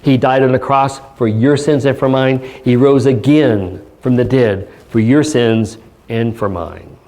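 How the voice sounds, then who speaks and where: A man pastor giving a church sermon, speaking earnestly with pauses and reading scripture aloud. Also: medium pitch, a little mellow. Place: church service.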